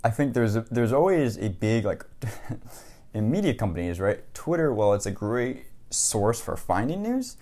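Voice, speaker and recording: Low-voiced man rambling wryly. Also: a little mellow. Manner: rambling, wry, lots of fillers. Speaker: journalist vlogger. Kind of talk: casual to-camera commentary.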